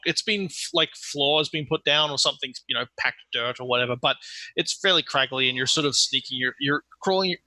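A man's voice: a little high, pushed and bright, dry recording, poor audio. A man narrating a tabletop game as game master, rambling a little and restarting his sentences. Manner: rambling, many restarts and fillers.

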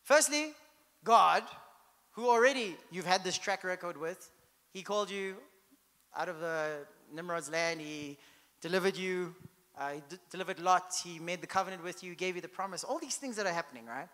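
A man's voice: high-pitched, normal speed, sharp tone, big-room sound. A man preaching a sermon as pastor, in a conversational style that keeps checking in with the congregation.

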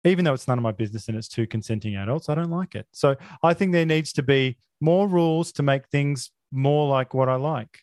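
A man's voice: medium pitch, a little fast, few pauses, dry recording, clean studio sound. Sarcastic man hosting a film podcast. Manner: sarcastic, mock-outraged deadpan. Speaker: podcast host. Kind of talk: casual film review chat.

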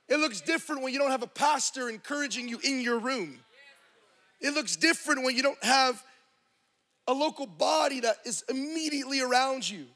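A man's voice: extremely high pitch, moderate pace, pauses often, sharp tone. A man preaching a sermon to a congregation, telling a story with passion and quoting the people in it. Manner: impassioned storytelling with quoted dialogue.

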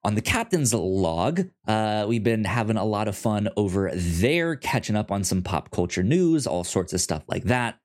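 A man's voice: fairly low pitch, very animated, moderate pace, hardly any pauses, a little mellow. A man hosting a podcast, chatting casually in a rambling way with many restarts. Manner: rambling, with frequent restarts and fillers. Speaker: podcast host.

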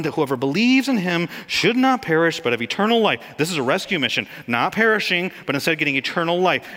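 A man preaching a sermon as pastor, animated and jokey, rising to excited peaks. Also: on the high side. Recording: long hall reverb.

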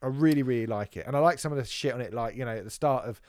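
A man co-hosting a casual music podcast, talking in animated, sweary bursts with many restarts. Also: medium pitch, racing, smooth, no room sound. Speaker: podcast co-host. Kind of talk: casual music review chat.

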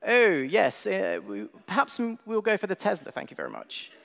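Man doing a high, plummy, smug upper-class Brit, hall reverb. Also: sing-song, moderate pace, vocal fry, a bit bright, heavily acted. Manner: exaggerated plummy refinement. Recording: long reverb of a large hall.

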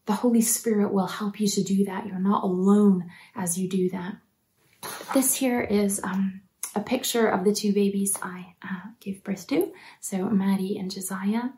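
Mellow-voiced woman preaching earnestly. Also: mid-range voice, fairly even intonation, measured pace, a little hiss or hum. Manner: earnest and encouraging, drops to soft near-whispers. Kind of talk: sermon.

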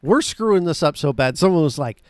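Wisecracking male podcast co-host, somewhat high voice. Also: lively intonation, no room sound, studio quality. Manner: joking, quick asides. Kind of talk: casual chat.

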